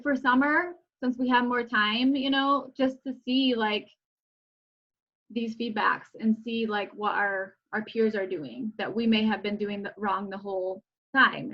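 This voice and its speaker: A woman in a casual chat on a video call, encouraging and quick to agree. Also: a little high. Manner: encouraging, frequent agreeing backchannels. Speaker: sign language student. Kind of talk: casual peer feedback chat. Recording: dull lo-fi video call audio.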